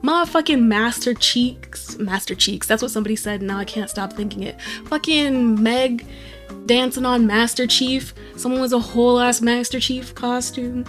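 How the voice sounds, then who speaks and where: A woman's voice: a little high, steady tone, moderate pace, faint music behind. A woman in her twenties chatting casually to stream viewers, rambling, swearing freely and mocking herself with frequent laughs. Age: 20s. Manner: rambling, profane and self-mocking, often laughing.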